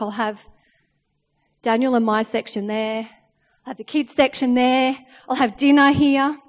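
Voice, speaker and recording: A high-voiced woman delivers a sermon, telling stories in a chatty, animated way. She keeps checking in with her listeners. Her voice rings out with a long reverb, as in a large hall. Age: 30s. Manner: chatty, animated storytelling with frequent "okay?" check-ins. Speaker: preacher. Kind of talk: sermon with personal story.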